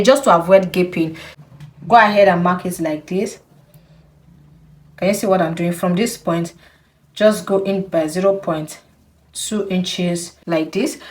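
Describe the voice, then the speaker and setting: Young woman walking you through a sewing pattern, slow and patient, keeps saying okay?. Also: fairly low pitch. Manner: slow, patient, repeats instructions with frequent "okay?". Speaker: sewing instructor. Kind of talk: step-by-step tutorial.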